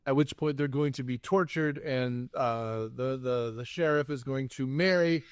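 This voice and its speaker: A man co-hosting a movie podcast, recapping scenes in a rambling, joking, animated way. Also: medium pitch, normal speed, clean tone, no echo, studio quality. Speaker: podcast co-host. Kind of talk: casual movie-review chat.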